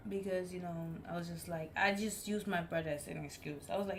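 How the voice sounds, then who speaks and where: A woman live streamer telling a story in casual chat, blunt and animated, swearing freely. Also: fairly low pitch, fairly quick, slight background noise.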